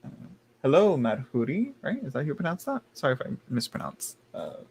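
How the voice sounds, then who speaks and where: A man's voice: fairly high pitch, wildly swooping pitch, fast, a little hiss or hum. A man doing a live tarot reading stream, chatty and campy, laughing often and calling viewers "girl". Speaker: tarot reader.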